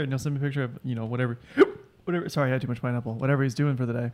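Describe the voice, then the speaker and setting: A man's voice: medium pitch, rapid-fire, darkish tone. A man visiting as a podcast guest, rambling through his routine in a jokey, casual way. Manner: rambling, jokey, does voices in stories. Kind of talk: casual family chat.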